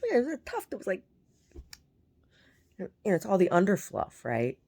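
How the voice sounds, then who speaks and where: Lady vlogging, kinda gravelly, rambles and repeats herself a lot. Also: mid-range voice, wildly swooping pitch, a little slow, darkish tone. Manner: meandering, repeats words, mutters asides. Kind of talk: casual rambling chat.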